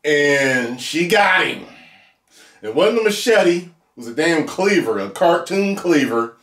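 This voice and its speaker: A man talking through a TV episode in a loose, casual review, his voice leaping high and dropping low as he goes. He laughs often and breaks into loud whoops. The sound carries a noticeable room echo. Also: animated, takes it slowly. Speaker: TV show reviewer. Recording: echoey room.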